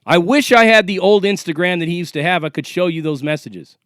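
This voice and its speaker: A man's voice: sits high, brisk, a bit bright, clear, resonant tone, no echo, clean studio sound. Profane, confrontational man in his forties. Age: 40s. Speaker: vlogger. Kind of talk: ranting monologue to camera.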